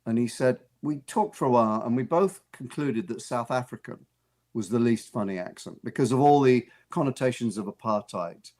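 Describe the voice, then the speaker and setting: Chatty actor telling stories, restarting sentences. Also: male voice, mid-range voice, lively intonation, moderate pace, darkish tone. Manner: rambling, with frequent restarts and repeated words; amused, laughs while telling stories. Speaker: actor and author, interview guest. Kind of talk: casual anecdotal storytelling. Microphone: radio studio mic.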